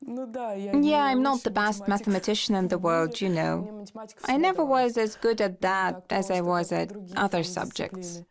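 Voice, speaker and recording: A woman's voice: mid-range voice, a little slow. A woman cadet speaking casually and offhandedly in a dubbed documentary voice-over. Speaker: military cadet. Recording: crowd noise behind.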